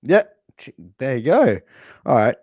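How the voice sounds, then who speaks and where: A man's voice: medium pitch, sing-song, a little slow, darkish tone, slightly rough, dry recording, studio quality. An Australian man hosting a podcast interview, playfully quizzing his guest on slang with example sentences. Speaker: podcast host. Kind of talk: casual interview game.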